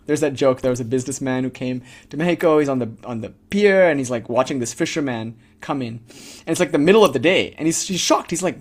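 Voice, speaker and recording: A man's voice: medium pitch, lively intonation, fast talker. A man giving a casual spiritual lecture full of storytelling, rambling and filling his sentences with "like.". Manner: rambling, heavy use of "like", laughs.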